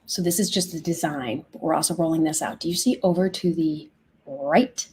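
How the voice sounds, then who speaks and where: A woman hosting a live product demo, chatty and excitable, gushing over features and casually swearing. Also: medium pitch, a little fast. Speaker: logistics software founder and host.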